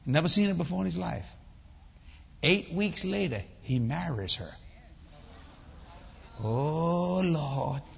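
Animated high-voiced preacher in a hall. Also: male voice, normal speed, vocal fry, highs cut off, a little hiss or hum. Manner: animated comic storytelling. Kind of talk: humorous sermon storytelling.

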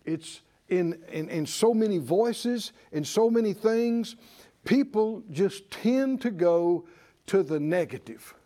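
A pastor preaches a sermon in a high voice at a slow pace, calling out questions in animated call-and-response with the congregation. He acts out quoted voices and laughs often.

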